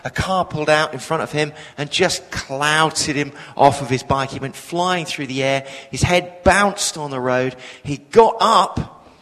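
Self-deprecating preacher in a reverberant hall. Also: male voice, on the high side, a little slow, a bit bright. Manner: self-deprecating, chatty storyteller with frequent fillers. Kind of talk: sermon with personal anecdote.

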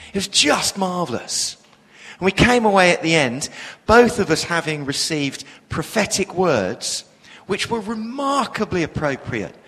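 A man's voice: high-pitched, fairly bright tone, breathy edge, long reverb tail, rough recording. A man, preaching a sermon with humorous storytelling. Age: 40s.

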